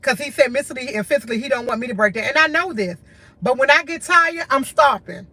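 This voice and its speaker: A woman's voice: sits high, animated, fast, sharp tone, no echo. A woman talks to her livestream viewers. She sounds worn out and earnest, circling back through short, repeated phrases. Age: adult with a school-age son, in college. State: tired. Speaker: livestream host. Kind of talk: candid livestream talk.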